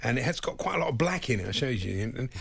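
A man's voice: mid-range voice, big pitch swings, racing, creaky, fairly bright tone, husky. A man co-hosting a radio talk show, giggling often and telling self-mocking stories in casual chat.

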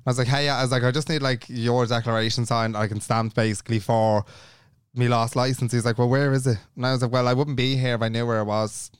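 Swearing freely and voicing every character, this young Irishman co-hosting a podcast launches into a long, animated story in easygoing conversation. He talks fast at a medium pitch, sounding smooth, with studio quality and no room sound.

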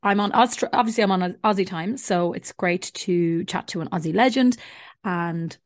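Young Irish woman host, chatty and rambling, low-set voice, dry close recording. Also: normal speed, dry recording. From Ireland. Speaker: podcast host. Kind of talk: casual podcast intro and chat.

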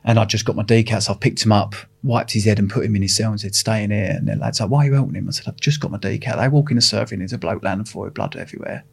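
Gravelly, husky man with an Essex accent. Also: lowish voice, racing, hardly any pauses. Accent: Essex English. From England. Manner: blunt, swears casually, rambling restarts. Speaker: interview guest. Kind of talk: candid storytelling interview.

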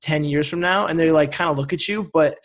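A young man from Vermont talks loosely as a podcast host. His voice sits a bit high, and he rambles through fillers and restarts in easy, casual chat. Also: fairly quick, fairly bright tone. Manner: rambling, filler-heavy, laughs easily.

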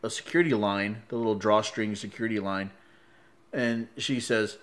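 A man in a casual chat, telling a story in an animated way, laughing often and acting out quoted lines. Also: on the low side, normal speed.

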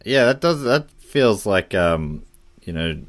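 A man with a fairly low voice chats casually on a podcast, thinking aloud with plenty of fillers. The sound is dry and close. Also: big pitch swings, slow pace, no room sound. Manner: musing, rambling with fillers. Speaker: podcast co-host. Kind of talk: casual chat.

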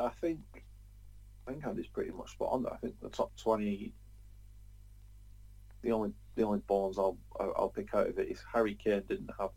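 A man chatting as a football pundit, halting and repeating words as he starts his points. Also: on the low side, creaky, mellow, rough recording. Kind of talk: casual panel chat.

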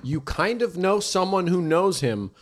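Lively-voiced man bantering on a podcast. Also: high-pitched. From Northern California. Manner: quick reactive banter, jokey interjections. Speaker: podcast co-host. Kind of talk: casual podcast chat.

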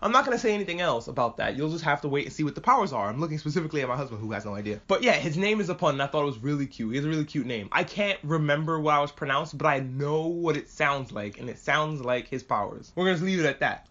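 A man chatting casually and excitedly as a podcast host reviewing an anime, swearing freely and rambling. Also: on the high side, fast, hardly any pauses. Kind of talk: casual chat. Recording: muffled lo-fi audio.

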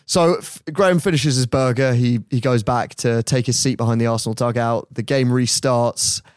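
A man's voice: medium pitch, fairly even intonation, moderate pace, no echo, clean studio sound. A man, hosting a podcast and telling an anecdote casually and animatedly, often laughing. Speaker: podcast host. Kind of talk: casual storytelling.

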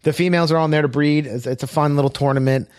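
A man in his thirties telling stories in a casual podcast chat, animated and swearing freely. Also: fairly high pitch, quick pace. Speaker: podcast co-host.

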